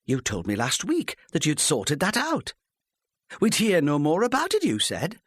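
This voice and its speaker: Brief: man performing a nervous fifty-year-old wife, lifted high and swooping, soft and timid, dry close reading. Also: wildly swooping pitch, measured pace, breathy edge, no echo, heavily acted. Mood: pressing. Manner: soft, timid, gushing politeness. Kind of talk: audiobook character voice.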